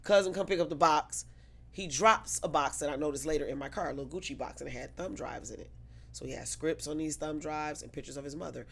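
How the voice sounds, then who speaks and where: Gravelly-voiced woman telling a story. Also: deep voice, fast. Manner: animated, profane, acts out quotes. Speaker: guest. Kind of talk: casual storytelling.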